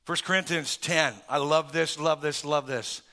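A middle-aged man pastor preaching a sermon, swinging between loud emphatic stresses and soft asides and chuckling through lists. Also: fairly high pitch, steady tone, normal speed.

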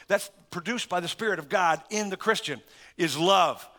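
A middle-aged man pastor preaching a sermon, swinging between loud emphatic stresses and soft asides and chuckling through lists. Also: high voice, moderate pace.

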